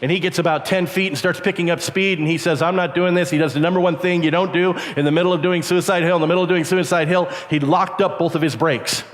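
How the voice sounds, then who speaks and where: Animated male camp storyteller in a hall. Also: quick pace, few pauses. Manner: animated, jumps to high squeaky voices for quoted kids. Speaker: camp speaker. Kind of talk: storytelling talk to youth. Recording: reverberant hall.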